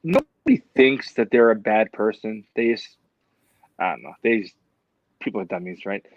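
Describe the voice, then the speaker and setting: A man co-hosting a podcast in casual chat, rambling and halting, swearing casually. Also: lowish voice, animated, no room sound, highs cut off. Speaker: podcast co-host.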